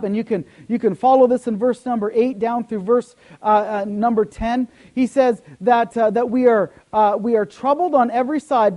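A man preaching a sermon as pastor. He swings between loud emphatic lines and sudden soft near-whispers, with frequent repeats. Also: very high voice.

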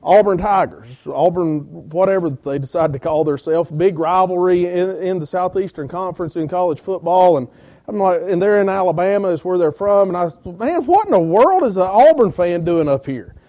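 Male preacher, sermon storytelling, high-pitched but warm and mellow. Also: moderate pace. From Georgia. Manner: storytelling with many quoted exchanges, rising intensity when quoting others. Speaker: church-planting preacher. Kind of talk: sermon testimony.

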